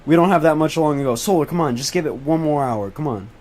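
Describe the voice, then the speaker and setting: Chasing storms on a casual livestream, this teen boy talks fast in a fairly high voice. He curses, begs his chat, says the same things again and again, and erupts with excitement when something catches his eye.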